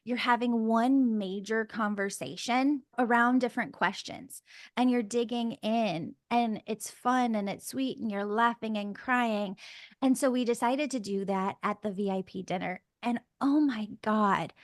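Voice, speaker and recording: A woman podcast host tells a story in a casual, animated way, dropping "like" and "oh my God" as she goes. Her voice sits a little high and is recorded close and dry. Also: a little slow, no echo. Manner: animated and gushing, with frequent fillers like "like" and "oh my God".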